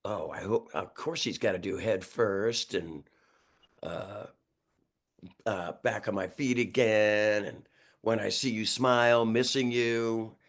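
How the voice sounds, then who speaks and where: A man in his sixties from New York, a guest musician telling road stories in a lively, rambling way with frequent chuckles and restarted sentences. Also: lowish voice, slow pace. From New York, USA. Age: 60s. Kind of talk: casual storytelling interview.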